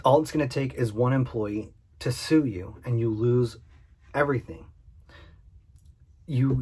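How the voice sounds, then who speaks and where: A man's voice: mid-range voice, a little mellow, slightly rough. A man and small business owner speaking earnestly and candidly in a vlog monologue, repeating his points for emphasis. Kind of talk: direct-to-camera vlog monologue.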